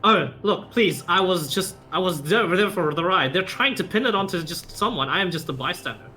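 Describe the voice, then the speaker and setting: A man's voice: high voice, expressive, brisk, pushed and bright, soft background music. A man doing a wheedling sly con man. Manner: wheedling, falsely polite. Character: sly male con man pleading innocence.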